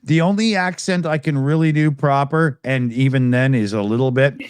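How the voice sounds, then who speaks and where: A man's voice: medium pitch, moderate pace, smooth, no room sound. An American man co-hosting a casual chat, joking around and laughing a lot, with frequent strings of "yeah". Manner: jokey, laughs often, lots of "yeah". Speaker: co-host.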